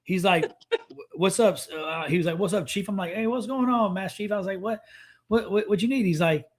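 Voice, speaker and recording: A man co-hosting a veterans podcast, telling stories in an animated, profane, casual way. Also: sits high, brisk. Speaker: podcast co-host, Navy veteran. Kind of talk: casual storytelling chat.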